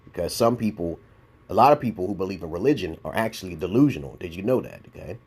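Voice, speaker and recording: A man's voice: sits low, lively intonation, fast talker, a little mellow, slightly rough. Blunt, profane New York man ranting. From Brooklyn, New York. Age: 40s. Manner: blunt, profane, rambling with repeated "okay?". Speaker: YouTube commentator. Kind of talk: casual response-video rant.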